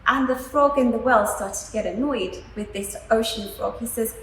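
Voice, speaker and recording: Lady teacher giving a spiritual talk, kinda high voice, echoey classroom, a little hiss behind. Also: moderate pace, hardly any pauses. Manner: gentle, earnest storyteller with fillers. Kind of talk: spiritual lecture to students. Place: school room. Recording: echoey room, faint background noise.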